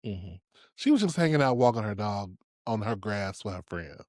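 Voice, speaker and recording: His pitch is fairly low and his speed normal, recorded at studio quality with no room sound. This man co-hosts a podcast, keeping the talk casual and his storytelling animated and full of laughter.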